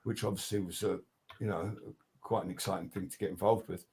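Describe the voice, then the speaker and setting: Speaking briskly in a low voice, an older man who's a guest record producer tells casual stories from the studio. He swears freely, plays out people's quotes with animation, and keeps restarting sentences amid lots of fillers.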